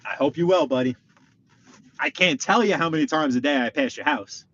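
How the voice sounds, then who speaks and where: New guy talking on a live stream while driving, chatty and excitable, a bit higher voice, muffled lo-fi sound. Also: a little fast. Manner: chatty, excitable, reads viewer comments aloud. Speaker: livestreaming driver. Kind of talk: casual live-stream chat. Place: inside a car while driving. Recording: muffled lo-fi stream audio with faint road noise.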